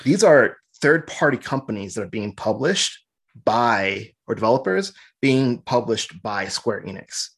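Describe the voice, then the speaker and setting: Husky guy on a podcast, rambly, griping about games, lots of restarts. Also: medium pitch, very animated, measured pace, fairly bright tone. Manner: rambling, opinionated game critique. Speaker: podcast co-host. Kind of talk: casual chat.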